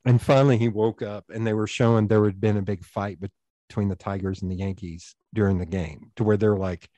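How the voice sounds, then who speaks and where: Mellow man telling stories. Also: fairly low pitch, fairly even intonation, a little fast, dry recording. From East Tennessee, USA. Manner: rambling, anecdotal, acts out quoted dialogue. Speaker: podcast guest. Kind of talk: casual storytelling conversation.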